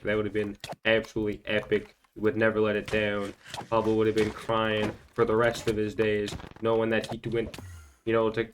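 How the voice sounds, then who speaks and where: Rambling young man with a low voice. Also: a little hiss or hum. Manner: rambling, filler-heavy, stumbling repeats. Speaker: gaming channel host. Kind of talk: storytime commentary over gameplay.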